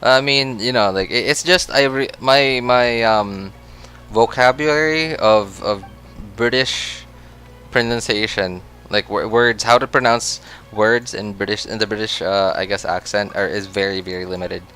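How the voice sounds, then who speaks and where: A man's voice: lowish voice, a little slow, sharp tone, faint music behind. A man chatting casually on a game livestream, rambling with many restarts and frequent laughs. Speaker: game streamer.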